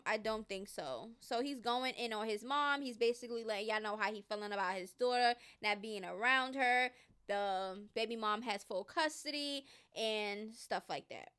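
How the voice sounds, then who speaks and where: A woman hosts casual commentary, reading posts aloud and weighing in with emphatic, opinionated remarks. Her voice sits a little high and comes across smooth and clean. She swings from loud outbursts to low asides. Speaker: gossip commentary host.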